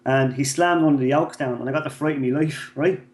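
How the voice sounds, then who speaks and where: A man's voice: fairly high pitch, fairly even intonation, brisk. A man, co-hosting a podcast and telling profane stories in casual chat, acting out the people in them. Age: 30s. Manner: swearing storyteller, acts out voices in anecdotes. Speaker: podcast co-host.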